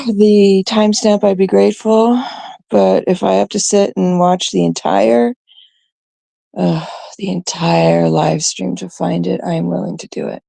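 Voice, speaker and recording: A woman from Canada hosting a live stream, scolding and ranting bluntly at a troll, her talk full of fillers and pauses. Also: medium pitch, gravelly, mellow, no echo.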